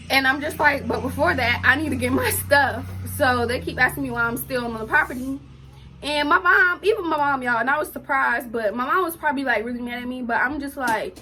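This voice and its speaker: A teenage girl, telling a personal story in an emotional, animated way for her vlog. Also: on the high side, brisk, slight background noise. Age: teens. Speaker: vlogger.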